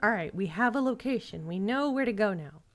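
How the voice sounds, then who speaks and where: A woman's voice: mid-range voice, expressive, brisk, faint music behind. A woman streaming a game, chatting casually and jokily while thinking aloud. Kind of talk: casual live-stream gameplay chat.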